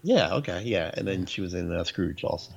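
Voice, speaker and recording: A man's voice: deep voice, lively intonation, a little fast, gravelly, slightly rough, muffled recording. A man in his forties, co-hosting a casual chat about movies and telling stories with laughter. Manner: storytelling, laughs often, acts out quotes.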